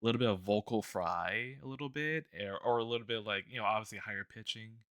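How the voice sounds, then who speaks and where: A man's voice: on the low side, brisk, fairly bright tone, no room sound, studio quality. A man guesting on a stream, chatting casually, rambling and hesitant with many ums. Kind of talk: casual chat.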